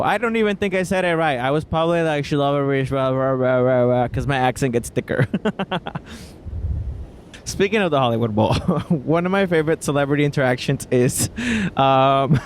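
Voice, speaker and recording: Giggly, expressive man telling stories. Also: a little high, a little hiss or hum. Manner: expressive, laughs often, calls listener baby. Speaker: singer-songwriter and podcast host. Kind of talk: casual storytelling monologue. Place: Los Angeles, indoors.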